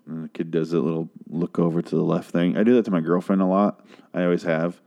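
A man with a somewhat low, warm voice recaps a TV episode in a loose, rambling way, speaking quickly with a flat delivery on dull-sounding audio. He swears freely, keeps stopping and restarting sentences, and breaks into exaggerated high-pitched impressions of the characters.

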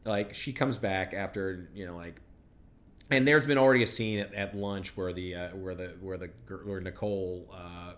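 Bright-toned rambling man podcaster. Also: sits low, fairly even intonation, moderate pace. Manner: rambling, filler-heavy, sardonic. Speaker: podcast co-host. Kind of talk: casual chat recapping a TV episode.

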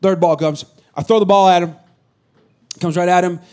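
A middle-aged man from the Bay Area preaching a sermon as pastor, animated and joking with his congregation. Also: sits high, normal speed, clear, resonant tone. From San Francisco Bay Area. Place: church hall with a congregation.

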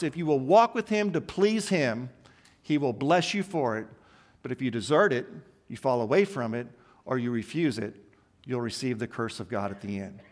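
A man preaching a sermon, emphatic and building long repeated lists. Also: mid-range voice.

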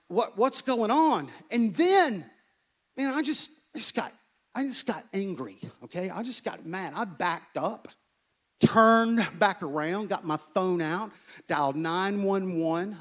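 A man's voice: sits high, fairly bright tone. A man, a pastor, preaching a sermon in an earnest way, often asking "okay?" and repeating phrases.

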